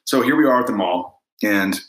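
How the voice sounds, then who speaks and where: A man's voice: lowish voice, moderate pace, roomy sound, rough recording. A middle-aged man, a guest singer-songwriter, telling a story in a casual interview and acting out the voices of the people in it. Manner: animated storyteller, acts out quoted voices.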